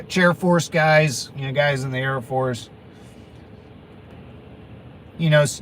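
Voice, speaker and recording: A man with a high voice hosts a casual livestream, answering viewers in a rambling way. He laughs often between his words. Clear street and traffic noise from an outdoor city spot runs under his voice. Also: fairly bright tone, poor audio. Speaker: livestream host answering chat.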